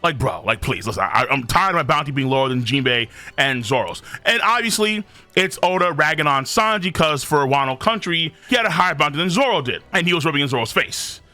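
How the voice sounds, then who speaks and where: Male comic reviewer, bright and forceful tone, casual animated delivery, faint music bed. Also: a little high. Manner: animated, puts on quick voices for characters. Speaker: host reviewing manga chapters. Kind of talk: casual commentary.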